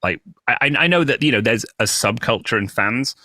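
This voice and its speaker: A British man from the UK, a guest comedian telling animated stories in a casual podcast chat and acting out other people's voices. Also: medium pitch, a little fast, dry recording. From United Kingdom. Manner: animated storyteller who acts out quoted voices.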